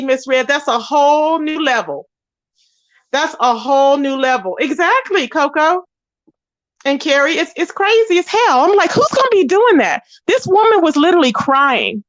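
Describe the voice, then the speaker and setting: A female livestream host chats and gossips casually with viewers at a moderate pace, recorded without echo. She's animated, voicing the people she talks about in a higher pitch.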